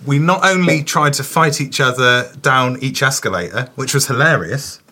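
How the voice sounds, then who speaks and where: A man's voice: medium pitch, moderate pace, bright, forceful tone. A man co-hosting a casual comedy podcast, telling rambling, crude anecdotes. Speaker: podcast co-host.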